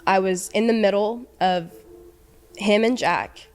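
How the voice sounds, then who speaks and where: A young woman, an interview guest, recounting a painful personal ordeal in a halting, emotional way, with many fillers and restarts. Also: medium pitch, slight background noise.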